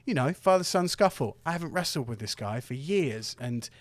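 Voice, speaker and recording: A man's voice: mid-range voice, lively intonation, moderate pace, no room sound, lightly acted. Man doing Zeed, a keen young son. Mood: flustered. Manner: chatty, rambling, keen to please. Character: eager friendly young man, a grown son.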